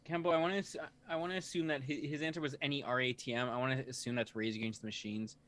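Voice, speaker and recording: A man's voice: mid-range voice, steady tone, very fast, a bit bright, a little hiss or hum. Rambling man on a podcast. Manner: rambling, hesitant, reads listener questions. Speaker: podcast co-host. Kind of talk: casual chat.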